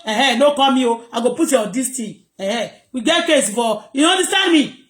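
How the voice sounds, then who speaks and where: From home, a Nigerian vlogger with a very high, piercing voice rants to her viewers, hammering the same warnings again and again. She's animated and a little fast with hardly any pauses, switching among Pidgin, English and Yoruba while the room rings with a hollow echo.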